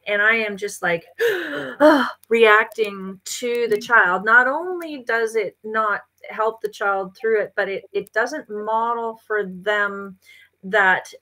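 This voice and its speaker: A woman's voice: medium pitch, takes it slowly, sharp tone. A woman talking as a podcast guest about parenting a child with special needs, rambling with many fillers and restarts. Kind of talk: casual conversational interview.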